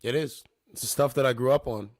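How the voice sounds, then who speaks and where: A man with a mid-range voice talks fast while hosting a casual livestream from his two-monitor home studio. He rambles, repeating "you know what I'm saying," and there's no room sound.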